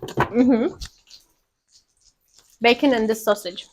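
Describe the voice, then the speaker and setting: A young woman with a slight British accent, chatting casually and excitedly while cooking on a stream. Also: on the high side, takes it slowly, crowd noise. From England from age fourteen. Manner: chatty, exclamatory, laughs often.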